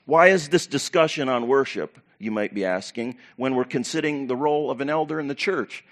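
Guy preaching in church, animated, loud bursts then quiet asides. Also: medium pitch, brisk. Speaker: pastor. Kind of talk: sermon.

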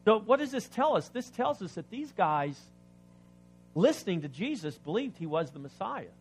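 A man preaching a sermon, reading scripture aloud and explaining it, asking the congregation questions, swinging between loud emphasis and quiet asides. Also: sits high, big pitch swings, moderate pace, slightly rough, soft background music. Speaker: pastor.

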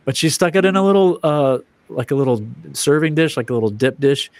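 A man's voice: on the high side, animated, a little fast, no room sound. A man chatting as a guest on a video call, telling rambling, jokey stories and laughing often. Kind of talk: casual chat.

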